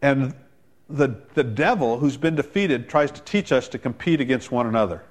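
A male pastor preaching a sermon, quoting people in quick voiced asides and building to loud, emphatic climaxes. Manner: preaching with dramatic rises in pitch and volume; quotes others in voiced asides.

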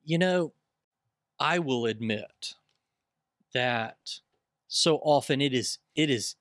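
A man's voice: medium pitch, a bit bright, dry recording, studio quality. A man speaking earnestly, almost like a preacher, as a panelist in a bible study discussion.

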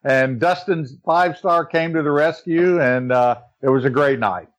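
A man who is a guest on a podcast, telling stories in a relaxed, easygoing way. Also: fairly high pitch, a little slow. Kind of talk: casual interview chat.

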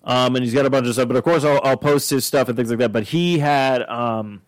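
Podcast host, male, casual rambling storyteller, mid pitch, dry close sound. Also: fairly quick, no echo. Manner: rambling, many fillers and restarts; acts out quoted dialogue.

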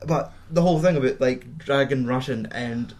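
Rambling about a film on a podcast he co-hosts, a young man swears and laughs a lot as he chats casually. He speaks at a moderate pace in a mid-range voice with a darkish tone.

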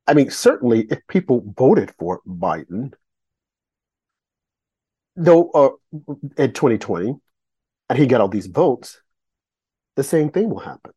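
Male talk host, emphatic questioning monologue, mellow and breathy tone. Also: medium pitch. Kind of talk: political commentary monologue.

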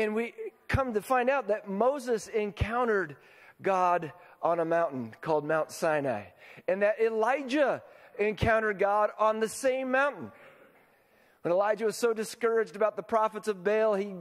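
A man's voice: sits high, long reverb tail. A man preaching a sermon as pastor, talking casually and often checking in with his listeners by asking them questions. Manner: conversational, asks the congregation questions.

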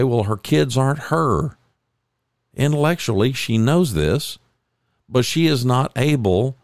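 A man's voice: no room sound, studio quality. A middle-aged man in a reflective monologue, telling coaching stories with emphatic, rising stresses. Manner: emphatic, builds to higher excited peaks. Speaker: speaker sharing coaching stories.

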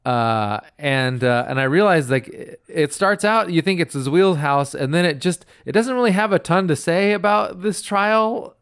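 A man's voice: fairly high pitch, normal speed, few pauses, a bit bright, clear, resonant tone. A man co-hosting a casual podcast chat, laid-back and rambling, with many fillers. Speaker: podcast co-host.

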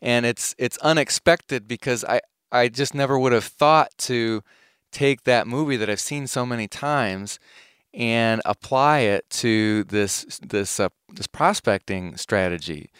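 A man hosting a podcast interview who talks in a casual, halting way and repeats words as he thinks. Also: mid-range voice, fairly bright tone, clear, resonant tone, dry recording, studio quality. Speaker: podcast host.

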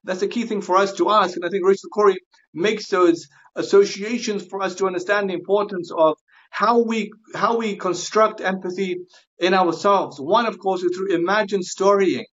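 Earnest halting scholar, man, lo-fi. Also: high voice, fairly even intonation, fairly bright tone. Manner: earnest, halting with frequent repeats and restarts. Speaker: guest scholar. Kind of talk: podcast interview discussion.

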